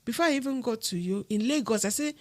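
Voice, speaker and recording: A woman's voice: on the high side, fast talker, dry recording. A middle-aged woman from Nigeria with a Nigerian accent, a podcast guest telling her story casually and acting out the dialogue of others. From Akwa Ibom, Nigeria. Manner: animated, acts out dialogue with others.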